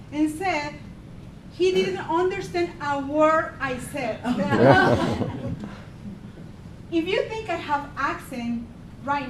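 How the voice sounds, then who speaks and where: A woman with a Mexican Spanish accent giving a humorous contest speech, deadpan and pausing for laughs. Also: high-pitched, far from the mic, background noise. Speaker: contest speaker. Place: meeting hall with audience. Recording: echoey hall, mic from afar, crowd laughing.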